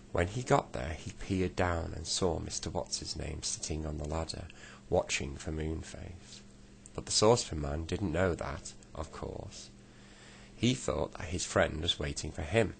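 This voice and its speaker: A man reading a bedtime story aloud at a slow, easy pace. He occasionally stumbles over a word and corrects himself, and his very low voice has a gravelly grain. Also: slight background noise. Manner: unhurried, with small slips and self-corrections. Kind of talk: reading a children's book aloud.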